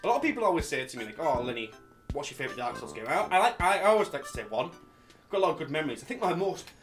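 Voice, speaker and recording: A young man giving loud, excitable, swear-filled gameplay commentary, shouting often. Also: fairly high pitch, racing, far from the mic, faint music behind. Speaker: gaming YouTuber.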